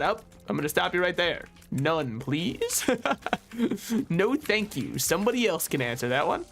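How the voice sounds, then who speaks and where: A young man with a slightly high voice chats casually as he streams a game, joking about himself and swearing freely. Faint game music plays underneath his talk. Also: big pitch swings, measured pace, creaky, a bit bright. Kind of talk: casual gameplay commentary.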